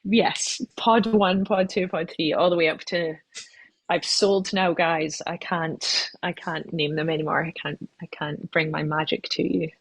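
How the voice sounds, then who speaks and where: Husky woman chatting in an interview. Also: low voice, fairly even intonation, a little slow, no echo, low-quality recording. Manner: chatty, self-deprecating, laughs often, restarts sentences. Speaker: company CEO, interview guest. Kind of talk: casual interview answers.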